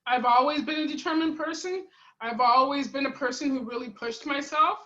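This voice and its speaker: A woman hosting an interview, talking in a halting, hesitant way with fillers. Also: sits high, a bit bright, dull audio. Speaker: host. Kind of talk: casual interview chat.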